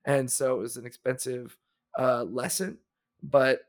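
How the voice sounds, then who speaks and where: A man's voice: mid-range voice, fairly even intonation, a little slow. A man co-hosting a podcast in casual chat, rambling a little with restarts and fillers. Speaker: podcast co-host.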